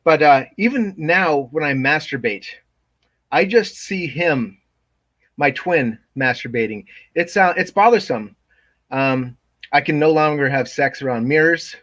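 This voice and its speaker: A man doing improvised stand-up in a halting, flat confessional manner, full of pauses. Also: a little high. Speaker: stand-up comedian.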